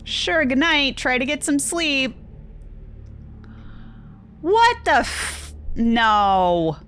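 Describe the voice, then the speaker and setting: A woman's voice: high voice, big pitch swings, extremely slow, a bit bright, a little hiss or hum. A young woman streaming, reading a horror text game aloud and reacting with yelps, swears and nervous laughs.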